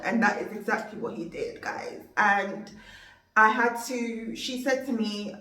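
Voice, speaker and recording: A woman's voice: medium pitch, measured pace, fairly bright tone. Young woman vlogging her story, heartfelt and rambly, echoey room, mic a bit far off. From Jamaica. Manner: heartfelt, rambling, faith-filled retelling. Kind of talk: emotional storytime monologue. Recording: roomy, distant from mic.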